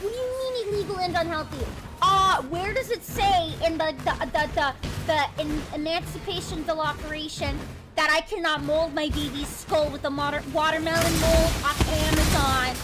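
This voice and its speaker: A woman chatting on a live stream, excitable and rambling, with frequent swearing and restarts. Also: high-pitched, normal speed. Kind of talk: casual live-stream chat. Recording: loud background music.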